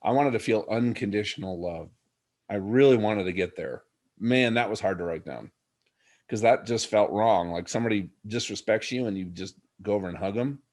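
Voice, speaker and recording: A man's voice: lowish voice, moderate pace, darkish tone. A middle-aged man, a podcast guest, telling a personal story in an earnest, reflective way. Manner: earnest, reflective, addresses the host by name.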